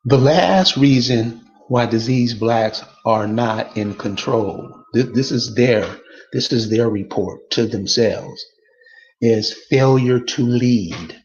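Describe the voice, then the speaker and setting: A man's voice: medium pitch, takes it slowly, a little mellow, reverberant, muffled recording. A man delivering a casual, emphatic monologue to his viewers, repeating rhetorical questions over and over. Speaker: online commentator.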